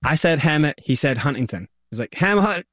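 A man's voice: mid-range voice, fairly quick, breathy edge, no echo, studio quality. A man with a Scottish accent, a guest in an interview, telling his story with energy and acting out what people said. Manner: energetic, vivid storyteller who acts out quotes.

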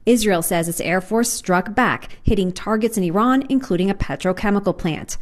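A woman's voice: mid-range voice, moderate pace. Woman correspondent filing a report. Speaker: news correspondent. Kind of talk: filed news report.

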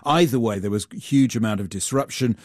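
A man, a global affairs reporter, explaining events in a measured, explanatory way during a news interview. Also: mid-range voice, no echo, clean studio sound.

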